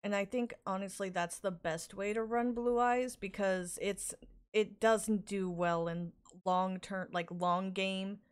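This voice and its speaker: A woman's voice: medium pitch, fairly even intonation, a little slow, smooth. A woman in casual podcast chat, talking hesitantly with fillers and restarts. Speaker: podcast guest.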